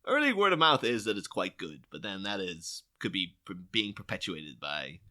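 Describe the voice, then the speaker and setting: A man co-hosting a casual podcast chat, animated and laughing as he acts out quotes in silly voices. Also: low-pitched, moderate pace. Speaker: podcast co-host.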